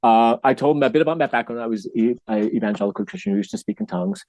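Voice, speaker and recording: A man telling an earnest, emotional story as a podcast guest, sometimes dropping soft and low. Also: expressive, rapid-fire, gravelly, no echo. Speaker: podcast guest, actor and workshop teacher. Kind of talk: casual storytelling.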